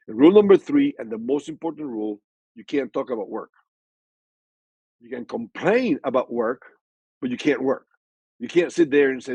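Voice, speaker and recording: Husky older man telling stories with many restarts. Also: medium pitch, moderate pace, long pauses, no echo, highs cut off. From Hispanic background, from a Spanish-speaking country. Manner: animated storytelling with frequent restarts and repeated words. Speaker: guest speaker. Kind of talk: casual interview answers.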